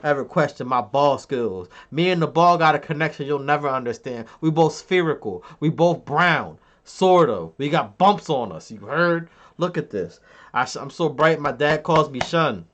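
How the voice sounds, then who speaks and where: A man's voice: on the high side, expressive, moderate pace, fairly bright tone. A man on a live stream, reading his chat aloud and bragging in a crude, joking way.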